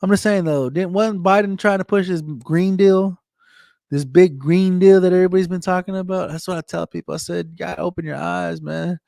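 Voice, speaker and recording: A man's voice: sits high, steady tone, fairly quick, creaky, a little mellow, no echo, clean studio sound. A man from the United States ranting casually on a live stream, reading chat and repeating himself, often adding "man" and "dude". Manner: rambling, repeats phrases, says man and dude.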